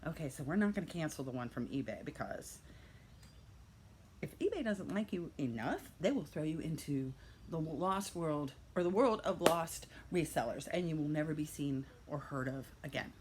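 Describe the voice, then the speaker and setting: A middle-aged woman spins a playful, animated storytelling vlog, her pitch rising and dipping widely. She narrates her own reseller doings as a fairytale. A faint hiss of background noise sits under her voice. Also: normal speed. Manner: playful, animated storyteller speaking of herself in third person. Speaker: reseller vlogger.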